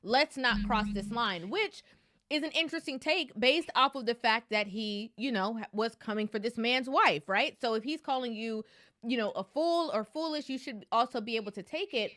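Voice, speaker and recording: A woman's voice: on the high side, expressive, moderate pace, fairly bright tone. A woman co-hosting a podcast, casually explaining a viral clip with lots of "like" and "right?". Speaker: podcast co-host.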